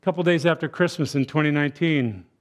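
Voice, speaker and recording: A man preaching a sermon in church, moving between hushed, tender passages and loud, bellowing emphasis, and acting out voices for effect. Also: a little high, quick pace. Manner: acts out quoted voices for effect. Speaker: guest preacher. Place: church sanctuary.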